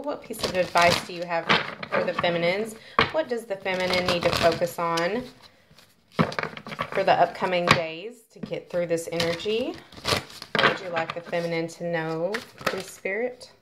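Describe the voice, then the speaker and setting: A woman's voice: fairly low pitch, moderate pace, heavy background noise. A woman giving a casual tarot reading who chats directly to viewers and reads card passages aloud. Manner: chatty, talks directly to viewers.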